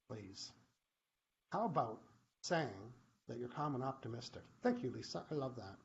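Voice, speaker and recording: A man hosting a live online question-and-answer show, chatty and animated, often acting out short quoted exchanges. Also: mid-range voice, moderate pace, gravelly, long pauses. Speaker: host. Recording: muffled live-stream audio with faint hiss.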